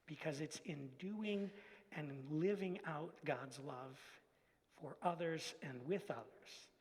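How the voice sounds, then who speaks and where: High-voiced pastor in a reverberant church. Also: male voice, slow, darkish tone, slightly rough. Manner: friendly, asks children questions. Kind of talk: children's message in church. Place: church sanctuary. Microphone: handheld microphone. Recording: long reverb of a church hall.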